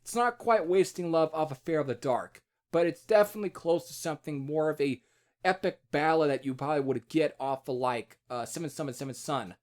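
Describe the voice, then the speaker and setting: A man's voice: fairly high pitch, brisk. A man giving a casual spoken album review, rambling with many restarts and fillers and the odd curse.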